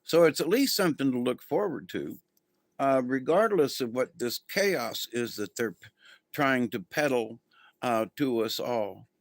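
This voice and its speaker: Guy doing a spiritual livestream, real slow and rambly, lots of ums, dry close sound. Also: mid-range voice, expressive, no echo. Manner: rambling, easygoing, many ums and restarts. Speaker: spiritual channel host. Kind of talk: casual spiritual livestream talk.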